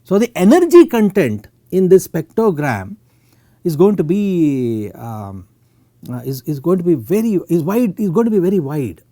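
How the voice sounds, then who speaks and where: A man with an Indian English accent giving a technical university lecture, halting often with fillers and tag words. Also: fairly high pitch, very animated, mellow, dry recording, studio quality. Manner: halting, full of "uh" and "okay" tags. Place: lecture recording.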